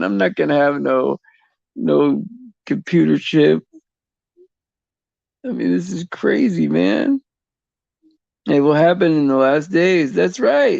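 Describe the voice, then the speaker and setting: A man with a gravelly, slightly high voice talks slowly and loosely in a casual faith chat. He rambles, stops and restarts, and chuckles as he goes. The sound is dry and a bit dull. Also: darkish tone, dry recording. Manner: rambling, halting, many fillers and restarts, chuckling often.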